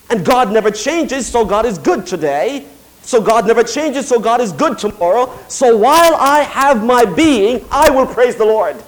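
Man preaching a sermon, high voice, middle-aged, shifts from hushed confession to slow emphatic proclamation. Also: low-quality recording. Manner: swings from quiet confiding to slow emphatic declaration. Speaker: pastor.

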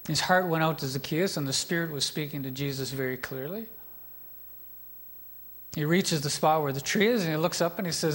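A man's voice: on the high side, fairly quick, fairly bright tone. A middle-aged man preaching a sermon as pastor, retelling a story with joking asides to the congregation.

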